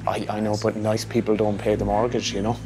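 Deadpan irish guy playing a fake doctor, lower voice, music going behind. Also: fairly quick. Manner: deadpan, mock-serious. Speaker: prank show host posing as doctor. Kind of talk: deadpan hidden camera prank.

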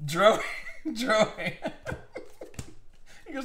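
A man hosting a live card-opening stream, excitable and swinging from hype to hushed suspense. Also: a little high, a little slow, reverberant, noisy background. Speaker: card break host.

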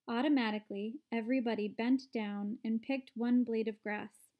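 A woman narrating a children's book aloud in a steady, clear way. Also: fairly high pitch, normal speed. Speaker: storyteller. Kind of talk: read-aloud storybook narration.

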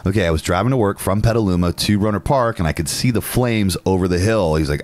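A young adult man from Northern California co-hosting a podcast, telling a story in an animated, casual way and swearing freely. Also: low-pitched, quick pace, hardly any pauses, slight background noise. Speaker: podcast co-host. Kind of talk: casual chat.

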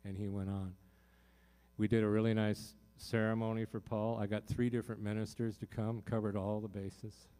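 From a concert stage, a singer-songwriter with a lowish, mellow voice shares a personal story with a live audience. He speaks loosely and from the heart, piling up fillers and restarts, with a flat delivery at a moderate pace.

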